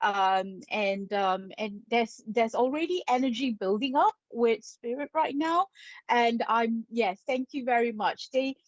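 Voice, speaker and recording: A woman hosting a psychic live stream, chatty and playful as she greets viewers. She talks slowly in a fairly high voice. The sound is dull and lo-fi, with a dry, close feel. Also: no echo. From England. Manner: chatty and playful, laughs often. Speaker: psychic medium and spirit artist.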